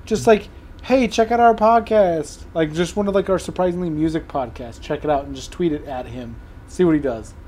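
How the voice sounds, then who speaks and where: A man co-hosting a podcast in casual chat, joking and chiming in with quick asides. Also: on the high side, warm tone, slight background noise. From Oregon, US. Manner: jokey, chimes in with quick asides. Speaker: podcast co-host.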